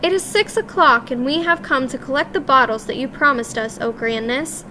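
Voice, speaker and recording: A woman's voice: high voice, normal speed, background noise, lightly acted. A woman voicing a group of meek, timid old witches who speak deferentially.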